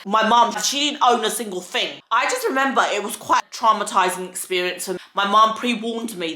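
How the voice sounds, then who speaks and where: A woman's voice: medium pitch, a little fast, few pauses, pushed and bright, roomy sound. A young woman from the UK, telling a personal story in an earnest, candid, slangy way. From United Kingdom. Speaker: vlogger. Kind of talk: casual storytelling. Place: home filming set.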